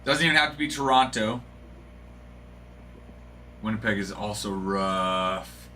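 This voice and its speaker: A man's voice: lowish voice, animated, a little slow, sharp tone, a little hiss or hum. Joking man hosting a live card break. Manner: joking, bantering with viewers. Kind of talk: casual live stream chat.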